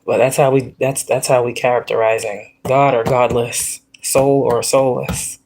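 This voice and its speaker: A woman's voice: very deep voice, little pitch movement, measured pace, darkish tone, a little hiss or hum. A woman hosting a spiritual livestream, talking casually and animatedly, repeating herself and often breaking into laughter. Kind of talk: casual spiritual pep talk.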